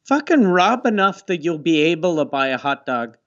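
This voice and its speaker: A man's voice: fairly high pitch, sing-song, normal speed, lo-fi sound. A man co-hosting a comedy podcast, telling profane, laid-back stories in casual chat. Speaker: podcast co-host.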